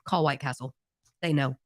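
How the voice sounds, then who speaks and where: A woman's voice: a bass voice, steady tone, measured pace, no room sound, clean studio sound. A woman in her thirties co-hosting a band podcast in a chatty, rambling, friendly way. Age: 30s. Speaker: band singer and podcast co-host. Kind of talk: casual podcast chat.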